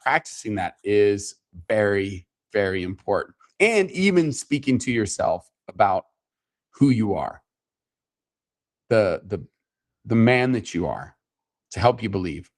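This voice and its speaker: A man co-hosting a casual chat as a matchmaker, talking in a playful, teasing and animated way. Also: on the low side, a little slow. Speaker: matchmaker and co-host.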